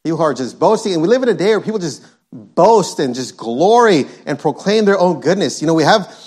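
A man's voice: a little high, sing-song, fairly quick, darkish tone, breathy edge. A male preacher delivering an emphatic sermon, reading scripture and driving points home by repeating them. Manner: emphatic, repetitive, quotes scripture.

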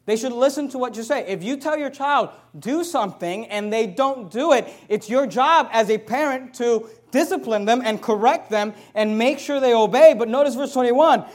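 Middle-aged man preaching hard, high voice, goes quiet then loud. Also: moderate pace, few pauses. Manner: repeats scripture references emphatically. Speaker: pastor. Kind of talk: sermon.

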